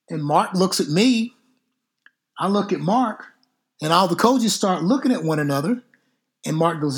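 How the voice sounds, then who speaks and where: A middle-aged man, a football coach hosting a podcast, telling stories casually in an unhurried, drawn-out way with some mild cursing. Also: high-pitched, animated. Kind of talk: casual storytelling.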